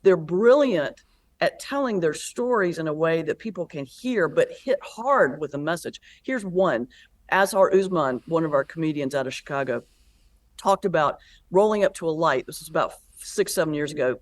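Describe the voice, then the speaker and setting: Lively woman pastor telling stories. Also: low-pitched, moderate pace. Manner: lively storyteller who acts out quoted voices. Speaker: guest, pastor and comedian. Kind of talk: conversational interview.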